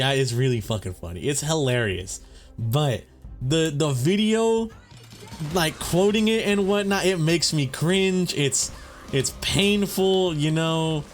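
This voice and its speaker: Rambling young man with a lively, swooping voice. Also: on the high side, unhurried, soft background music. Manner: rambling, profane, self-correcting. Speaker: gaming channel host. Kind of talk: casual commentary over gameplay.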